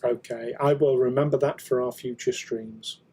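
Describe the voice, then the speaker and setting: A man's voice: mid-range voice, steady tone, normal speed, warm tone. A British man co-hosting a casual podcast chat, jokey and laughing often. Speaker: co-host.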